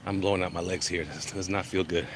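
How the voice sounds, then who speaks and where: With a deep, fairly even voice and a fast delivery, a man talks his way through a rambling outdoor vlog, chatty and prone to tangents. He's walking city streets on sore legs with a congested chest, and the recording is heavy with traffic noise and passing cars.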